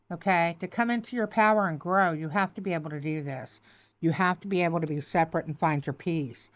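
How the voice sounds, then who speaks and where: In a lower-pitched voice, a woman gives a spoken tarot reading, tearful and on the edge of breaking. She alternates comfort and urging, repeats herself, and checks in with "okay?" and calls the listener "baby". The recording is dry and close, with no room sound.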